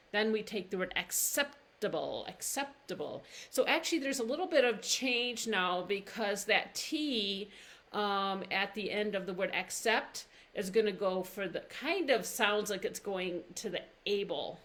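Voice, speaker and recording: A woman teaching pronunciation in a live-streamed lesson, drawing words out slowly and breaking them into syllables. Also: mid-range voice, expressive, fairly bright tone. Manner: slow, drawn-out demonstrations of words, syllable by syllable. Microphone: livestream camera mic.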